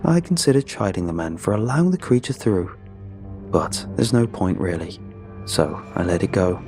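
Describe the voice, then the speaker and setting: A man giving a measured, grim first-person narration of a horror story. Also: deep voice, expressive. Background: background music.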